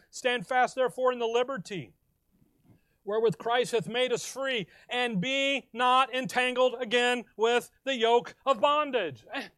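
A man preaches in a very high-pitched, somewhat bright voice, recorded dry. As pastor, he reads scripture aloud in slow, weighted phrases and quizzes the congregation, only to answer his own questions.

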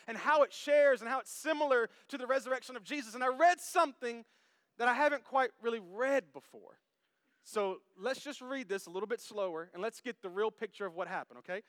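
A man preaching a sermon to his congregation, animated and jokey, who talks straight to the crowd. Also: extremely high pitch, fairly quick, no echo, studio quality. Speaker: pastor. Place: church service.

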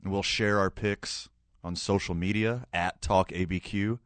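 A laid-back male radio co-host with a lowish voice who laughs easily through the banter. The sound is close and dry. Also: steady tone, a little slow, fairly bright tone, no echo. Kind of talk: casual morning radio chat.

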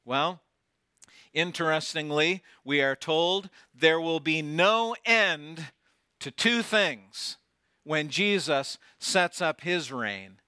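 A man preaching a sermon, swinging from loud declarations down to near whispers and putting rhetorical questions to his congregation. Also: on the high side, lively intonation, takes it slowly, clean tone, no room sound, clean studio sound. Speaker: pastor.

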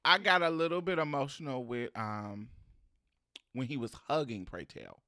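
A podcast co-host in casual chat about a TV episode, animated and quick to laugh, who turns earnest when making a point. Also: medium pitch, no room sound, studio quality. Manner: animated, slipping into quoted voices and laughter.

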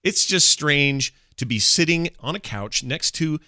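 Man, middle-aged, casual podcast chat, rambling, bright tense tone, dry sound. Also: fairly high pitch, animated, measured pace, no room sound. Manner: rambling, restarts, laughs a lot. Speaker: podcast co-host.

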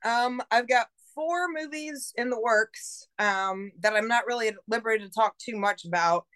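An independent filmmaker guesting on a podcast talks casually and rambles, swearing heavily and saying "like" constantly. Her voice is fairly high and fairly bright, at a normal speed.

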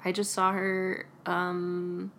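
A woman's voice: lowish voice, completely flat delivery, extremely slow, fairly bright tone, a little hiss or hum. A young adult woman from California, chatting casually as an interview guest and laughing often. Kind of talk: casual conversation.

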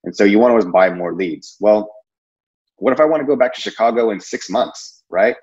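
A man's voice: on the low side, expressive, a little fast, darkish tone, lo-fi sound. A man giving a casual sales training talk, rambling and conversational with many fillers and restarts. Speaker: insurance sales presenter.

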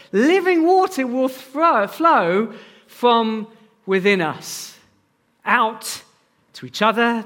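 A man preaching a sermon and talking directly to his congregation in a lively, engaging way. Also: high-pitched. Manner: animated, addresses the congregation directly. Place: church.

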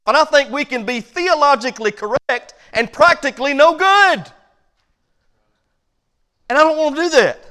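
Man preaching, very high voice, quiet stretches rising to loud emphatic lines. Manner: builds from low quiet passages to loud emphatic points. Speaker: pastor. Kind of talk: sermon.

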